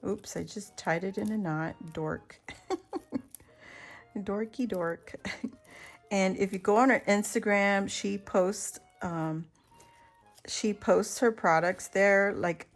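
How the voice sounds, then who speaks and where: Woman crafter, unhurried delivery, gasps and gushes over a craft haul at home, average pitch. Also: fairly even intonation, faint music behind. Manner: gushing, exclaims and gasps often, laughs between lines. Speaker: crafting YouTuber.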